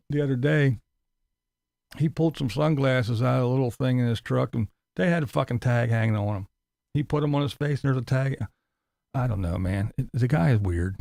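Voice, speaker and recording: Gravelly, profane man mocking on a live stream. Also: mid-range voice, mellow, no room sound, clean studio sound. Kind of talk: casual live stream commentary.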